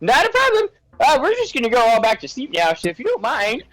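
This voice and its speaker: A man's voice: very high voice, huge pitch swings, fast, fairly bright tone, dry recording, full character voice, poor audio. A man, the dungeon master of a tabletop game, voicing a sleepy, helpful small gnome guard who gives directions. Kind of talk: tabletop game role-play.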